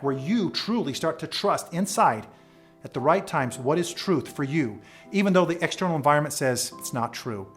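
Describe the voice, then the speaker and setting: A man telling a story as a leadership speaker, in an earnest, dramatic storytelling manner. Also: a little high. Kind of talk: motivational storytelling.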